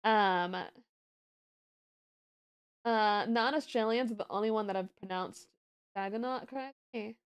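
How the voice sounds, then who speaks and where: A woman's voice: mid-range voice, a little slow, pauses often, clear, resonant tone. A woman streaming and chatting casually in a rambling way, with lots of fillers. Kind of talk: casual reaction chat.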